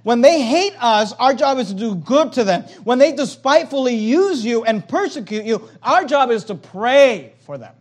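A man preaching a sermon as pastor, emphatic, with loud high swings and quiet low drops. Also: very animated, moderate pace, few pauses.

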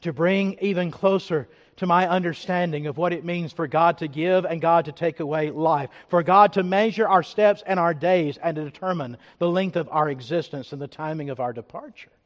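A man preaching a sermon as pastor, emphatic, swinging from loud declarations to hushed reflection. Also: a little high, normal speed, few pauses, in a large hall, dull audio.

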